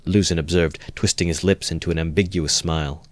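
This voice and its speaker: Deep-voiced male amateur narrator, calm, even reading of a classic novel, dry close sound. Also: a little fast, few pauses, dry recording. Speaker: amateur audiobook reader.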